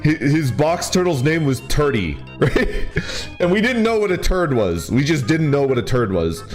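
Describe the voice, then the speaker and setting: A man's voice: on the high side, moderate pace, faint music behind. A man streaming as a VTuber, telling a story in casual chat, laughing often and peppering his talk with "like" and "right?". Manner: animated, laughs often while talking; full of fillers like "like" and "right?".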